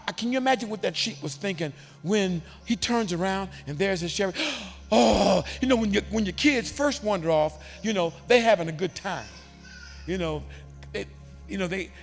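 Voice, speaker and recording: A man preaching a sermon as bishop, animated and given to shouting for emphasis. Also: sits high, gravelly, in a large hall.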